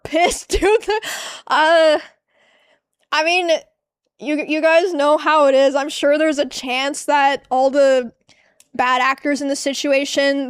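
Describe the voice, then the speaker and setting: A woman streamer with a high voice reacts casually to clips, cursing freely and trailing off mid-thought. She talks at an unhurried pace, and the sound is close and dry with no room echo. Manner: exasperated, swears freely, trails off.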